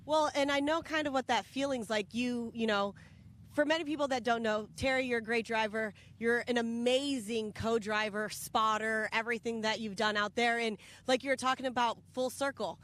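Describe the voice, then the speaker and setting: A woman's voice: fairly high pitch, moderate pace, a bit bright. Effusive woman interviewing at a race. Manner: effusive, friendly, fumbles words. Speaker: event interviewer. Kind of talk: casual trackside interview. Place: outdoors at an off-road race park.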